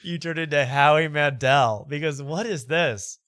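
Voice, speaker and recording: A man hosting a comedy talk show, riffing sarcastically on whatever comes up. His voice is bright and forceful, and the sound is dry and close with little room. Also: on the high side, moderate pace, no echo. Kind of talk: casual comedic commentary.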